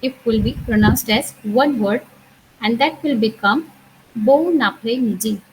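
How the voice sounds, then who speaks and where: Recorded with low quality and a bit of background noise, this university lecture features a woman introducing French at a measured pace in a higher voice. She explains patiently, repeats each sound and word, and frequently says "uh" and "okay."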